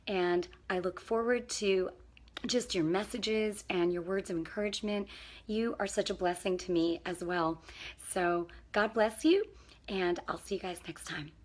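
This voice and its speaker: A woman's voice: medium pitch, fairly even intonation, unhurried. A middle-aged woman, a parenting coach and counselor, talking to camera in a casual, faith-based way. She is earnest and encouraging and keeps checking in with the viewer.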